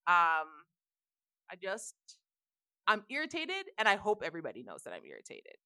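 Animated woman talking in a bright voice. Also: medium pitch, moderate pace, no echo, studio quality. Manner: candid, animated, emphatic. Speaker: podcast co-host. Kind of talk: casual chat.

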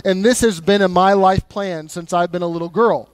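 Man speaking as a doubtful young woman, high voice, hesitant, stumbling, casual chat, dry sound. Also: steady tone, moderate pace, smooth, no echo, close to an everyday voice. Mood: sarcastic. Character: young woman, skeptical, puzzled, chatty modern talk.

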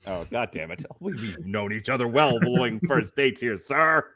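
A man's voice: medium pitch, expressive, moderate pace, bright, forceful tone. A man hosting a casual film review podcast, rambling and teasing his co-hosts with jokes. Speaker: podcast host.

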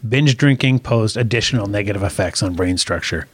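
A man's voice: lowish voice, a little fast, husky, dry recording. A man co-hosting a podcast in casual chat, laid-back and laughing often, with lots of fillers. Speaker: podcast co-host.

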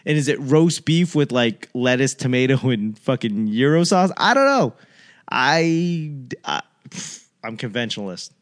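A man's voice: medium pitch, smooth. Male host, casual comic rant, rambling and profane, acts out quoted voices.

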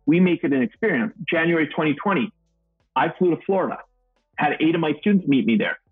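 A middle-aged man with a slightly raised, husky voice tells upbeat stories as a guest speaker. His sound is dry and thin, like a phone-quality remote call, with faint music underneath. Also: a little high, animated, a little fast, no echo. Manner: upbeat, self-described goofball, acts out quotes. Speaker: guest, motivational speaker and trainer. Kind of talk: energetic storytelling interview answer.

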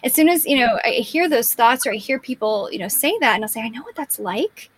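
A woman's voice: on the high side, expressive, fairly quick, breathy edge. A woman coach talking earnestly and reflectively as an interview guest, often checking in with "right?" and "you know".

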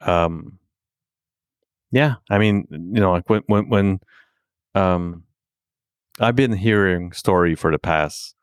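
A middle-aged man talking candidly in a conversation, halting and leaning heavily on filler words. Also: sits low, clear, resonant tone, no room sound, studio quality.

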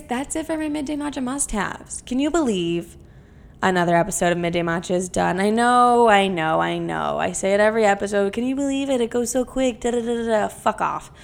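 A young woman hosts a solo podcast, talking in loose, casual chat with a constant stream of swearing. Her voice has a gravelly, creaky fry, and her pitch sits in an ordinary middle range for a woman. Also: brisk. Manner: brash, heavily profane, chatty and animated. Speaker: podcast host.

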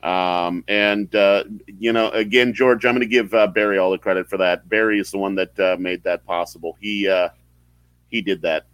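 A man with a lowish voice hosts a relaxed live podcast chat. He talks haltingly, full of fillers and restarts, into a close, dry mic. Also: clear, resonant tone, dry recording, rough recording. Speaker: podcast host. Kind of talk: casual live-stream chat.

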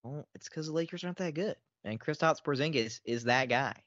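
A man co-hosting a casual sports podcast. He is excitable and repeats himself, and his pitch jumps a lot. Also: brisk, no echo. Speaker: podcast co-host. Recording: dry, dull lo-fi sound.

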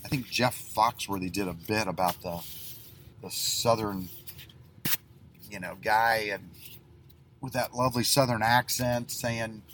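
Folksy man with a low voice. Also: steady tone, a little slow, long pauses, fairly bright tone, a little hiss or hum. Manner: folksy, rambling with many fillers and restarts. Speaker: plumbing business owner. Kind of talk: casual advice talk.

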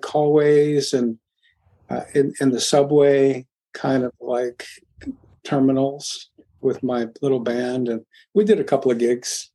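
An older man from Philadelphia, a guest in an interview, telling his story in a rambling, halting way with many restarts. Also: mid-range voice, mellow. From Philadelphia, USA. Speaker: guest, music producer.

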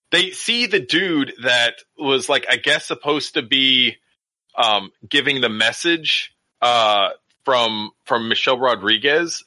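A man recapping a movie in casual podcast chat, rambling with lots of fillers and quick acted-out quotes. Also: medium pitch, bright, forceful tone, no echo. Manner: rambling, many fillers, acts out characters in quick voices. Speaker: podcast co-host.

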